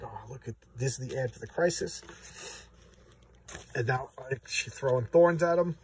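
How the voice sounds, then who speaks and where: A man's voice: medium pitch, normal speed, distant mic, slight background noise, low-quality recording. A man casually reviewing a comic book. He rambles along, restarts his sentences and acts out the characters' lines. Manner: rambling and animated, with many restarts and acted-out quotes.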